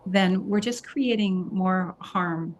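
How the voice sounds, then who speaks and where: An older woman hosting a podcast interview, speaking slowly and thoughtfully and often repeating words as she searches for them. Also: fairly low pitch. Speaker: podcast host.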